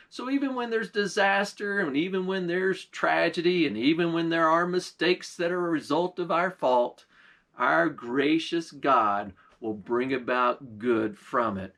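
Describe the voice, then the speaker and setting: A man's voice: on the high side, gravelly, a bit bright. Man telling a folksy tale. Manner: folksy, unhurried storytelling with dialect words. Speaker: pastor. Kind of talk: folk tale storytelling and short sermon.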